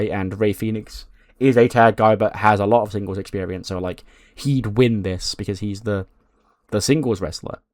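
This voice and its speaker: A young adult man recapping a wrestling booking game in an animated, casual way, with frequent fillers and swearing. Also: medium pitch, no echo, clean studio sound. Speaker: game streamer.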